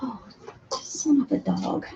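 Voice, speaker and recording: A woman's voice: fairly high pitch, lively intonation, slow pace, vocal fry. A woman hosting a casual crafting livestream from a cluttered room at home, chatting and apologizing to viewers and cooing at her pets. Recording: dull lo-fi stream audio with faint noise.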